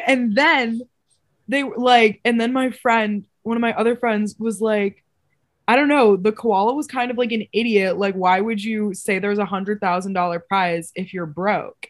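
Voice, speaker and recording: A young woman co-hosting a casual podcast over a video call, telling a rambling, animated story. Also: fairly high pitch, moderate pace. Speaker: podcast co-host. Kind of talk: casual chat.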